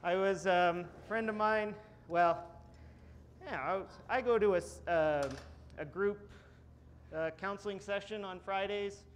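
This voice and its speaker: A man's voice: high-pitched, fairly even intonation, a little slow, a little hiss or hum. A man giving a live blacksmithing demonstration, joking and rambling with plenty of fillers. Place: smithing conference demo area.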